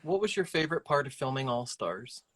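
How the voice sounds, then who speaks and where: A man's voice: mid-range voice, sing-song, fairly quick, a bit bright, breathy edge. A man co-hosting a casual livestream, reading viewer questions in a playful, teasing way.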